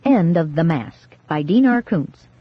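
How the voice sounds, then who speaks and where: Low-voiced woman reading an audiobook. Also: expressive, dry recording. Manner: measured, dramatic reading. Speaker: audiobook narrator. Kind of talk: scripted narration. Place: recording studio. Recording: dull, dry 1980s cassette studio reading.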